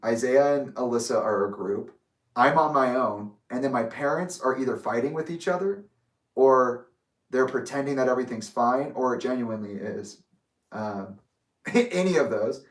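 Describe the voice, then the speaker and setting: A young man speaking in a rambling, candid personal monologue, with restarts and the odd swear word. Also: medium pitch. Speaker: vlogger. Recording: roomy echo, distant from the mic.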